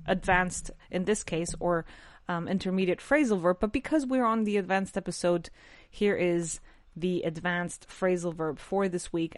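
A woman hosting an English lesson podcast, her voice nasal from allergies, chatty and quick to correct herself. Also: on the low side, dry recording, studio quality. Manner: chatty, self-correcting, lively. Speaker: English teacher, podcast host. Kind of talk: casual language lesson.

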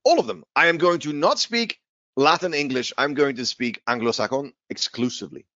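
A man teaching an informal English lesson to Spanish students, animated, repeating key words and slipping in Spanish asides. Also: a little high, a little fast, no room sound, dull audio.

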